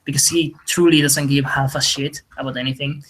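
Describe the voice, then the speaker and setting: A man's voice: medium pitch, little pitch movement, fairly quick, a bit bright. A man from Spain, hosting a podcast over a laptop headset, rambling through tangents with self-deprecating jokes and plenty of swearing, his voice turning robotic from a bad connection. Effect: robotic glitchy connection. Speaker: podcast host. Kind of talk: rambling casual chat. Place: home. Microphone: laptop headset on a call. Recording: glitchy online voice call.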